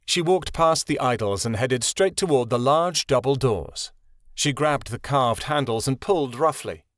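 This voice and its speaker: A man narrating a fantasy audiobook in an expressive storytelling read. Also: medium pitch, no room sound, clean studio sound.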